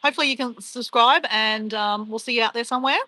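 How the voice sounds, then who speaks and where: A woman's voice: on the high side, fast, sharp tone, no room sound, low-quality recording. A young woman chatting casually on a travel live stream, rambling and laughing as she reads viewer comments.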